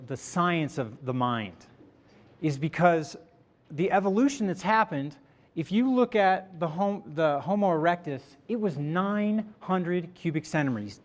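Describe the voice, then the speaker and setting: A man giving a live motivational talk to an audience, animated and interactive, slowing down to stress key points. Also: sits high. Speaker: motivational speaker. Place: event room before a live audience.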